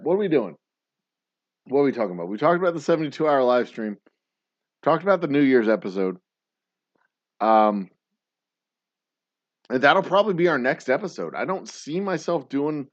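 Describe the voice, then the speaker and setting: A medium-pitched man hosts a livestream show, chatting casually with rambling, profane jokes and frequent laughter. The recording has no echo, and its highs are cut off.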